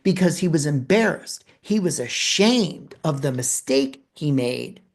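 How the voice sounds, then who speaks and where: Expressive male storyteller with lively pitch. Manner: expressive, dramatic pauses, quotes dialogue. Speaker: presenter telling a personal story. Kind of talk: storytelling keynote talk.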